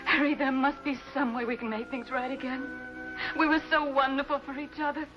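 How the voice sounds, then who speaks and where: A lonely, distraught woman, played by an actress, pleads through tears on the telephone, stammering and repeating herself. Her voice sits high, and the dull, lo-fi sound of an old TV soundtrack carries a clear music score behind her. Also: fairly even intonation, fairly quick, natural voice. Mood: desperate. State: tearful. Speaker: actress in a TV drama. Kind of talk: 1950s TV drama acting. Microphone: telephone in hand.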